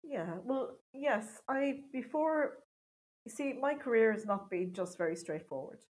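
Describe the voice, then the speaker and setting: A woman's voice: on the high side, animated, unhurried, a little mellow, poor audio. Chatty Irish woman, self-mocking. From Ireland. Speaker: stand-up comedian, guest. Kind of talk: casual interview chat.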